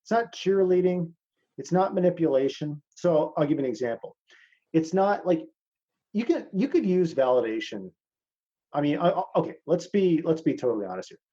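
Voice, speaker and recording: A man's voice: a little high, very animated, moderate pace, warm tone, dull audio. A man teaching a masterclass in casual talk over a video call. He is blunt, swears freely and calls his listeners "man".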